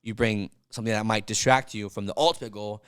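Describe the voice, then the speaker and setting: A man co-hosting a casual sports podcast, animated and jokey, talking in quick bursts. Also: fairly low pitch, clear, resonant tone, dry recording, clean studio sound. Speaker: podcast co-host.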